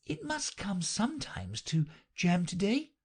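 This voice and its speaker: A woman's voice: medium pitch, huge pitch swings, measured pace, breathy edge, voice pushed up, exaggerated voice. A woman reading an audiobook, voicing a polite, curious young girl who speaks timidly and earnestly.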